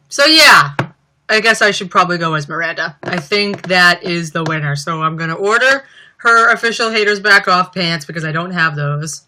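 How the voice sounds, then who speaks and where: A woman's voice: on the low side, sharp tone. A young woman chatting casually on a livestream, reading out viewer comments and rambling with lots of fillers. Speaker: livestream host.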